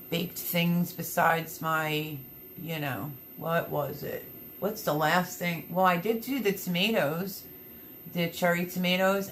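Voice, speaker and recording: A woman's voice: lowish voice, a bit bright, slight background noise. A woman hosting a casual livestream, chatting in an upbeat, rambling way and reading out viewer comments. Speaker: livestream host.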